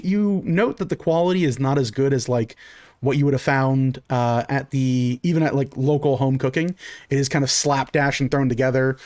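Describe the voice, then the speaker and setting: A man's voice: medium pitch, a little mellow, no room sound. A man narrating as game master in a loose, rambling way with many fillers.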